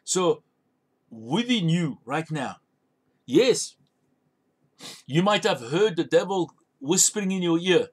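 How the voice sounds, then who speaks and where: A man's voice: fairly high pitch, expressive, slow, long pauses, slightly rough. A man preaching a sermon as a pastor, urging listeners with emphatic, repeated commands. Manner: emphatic, repetitive exhortation.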